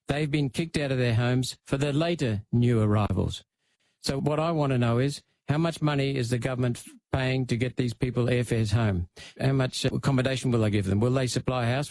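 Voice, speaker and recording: An Australian man answers in a political interview, blunt and emphatic, hammering points home in short bursts. His voice sits at an ordinary middle pitch. The sound is dry and close, with no room echo. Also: darkish tone. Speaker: senator, interview guest.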